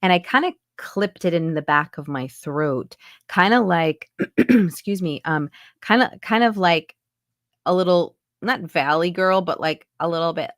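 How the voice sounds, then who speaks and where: With a lowish voice, lively intonation and an unhurried pace, this forties-aged New York accent coach chats as a guest in a casual interview on a video call. Her American accent shows light Texas coloring over New York; she says "like" a lot and slips into voices to illustrate. The recording is dry with clean studio sound.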